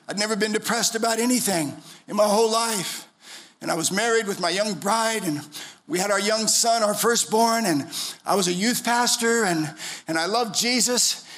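A middle-aged pastor delivers an impassioned sermon in church, swinging between soft, low passages and shouted pleas.

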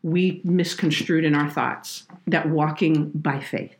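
Low-voiced woman sharing her faith. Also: steady tone, slow pace, a little hiss or hum. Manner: earnest, heartfelt, tearful at moments. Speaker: podcast guest, children's minister. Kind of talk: faith podcast conversation, personal storytelling.

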